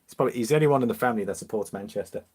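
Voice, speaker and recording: A man from Liverpool with a mixed English accent, mildly Liverpool, hosting a relaxed, casual live-stream chat and answering viewers. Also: medium pitch, very fast, slightly rough. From Liverpool, England. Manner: chatty, relaxed, reads out viewer comments with easy laughs.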